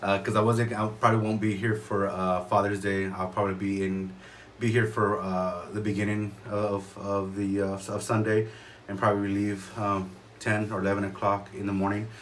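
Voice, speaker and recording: A man with a fairly low voice talks casually to his camera about the shave he just had. He rambles and stops to restart his sentences, filling gaps with ums and uhs. A faint background noise runs under his voice in a room at home. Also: flat delivery. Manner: rambling, halting, many fillers and restarts. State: a little choked up. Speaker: shaving vlogger.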